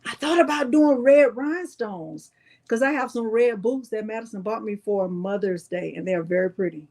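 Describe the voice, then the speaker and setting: A woman's voice: fairly high pitch, normal speed. A middle-aged woman, hosting a live crafting tutorial in a chatty way and addressing viewers as y'all. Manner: chatty, warm toward viewers, says "y'all".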